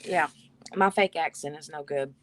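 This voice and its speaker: Woman, chatty live host, slightly low voice, reads comments out loud. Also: moderate pace. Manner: chatty, laughs often, reads viewer comments aloud. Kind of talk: casual live chat reading comments. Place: bedroom at home.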